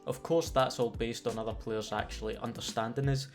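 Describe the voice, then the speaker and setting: A man's voice: medium pitch, fairly even intonation, brisk, soft background music. A man with a Scottish accent, delivering scripted comedic commentary as a gaming YouTuber, sardonic and sweary. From Scotland. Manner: sardonic and sweary, playful storytelling.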